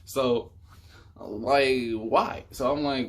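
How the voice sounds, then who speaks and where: A man's voice: medium pitch, takes it slowly. A young man telling a rambling, exasperated storytime on his vlog, full of fillers. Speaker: YouTuber.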